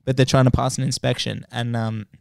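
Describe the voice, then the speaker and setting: A man hosting a podcast, telling a story in a lively, swear-filled way and acting out the people in it. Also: mid-range voice, fairly quick, creaky, clean tone, no room sound, clean studio sound. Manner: animated, swears freely, acts out the story. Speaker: podcast host. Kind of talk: casual chat storytelling.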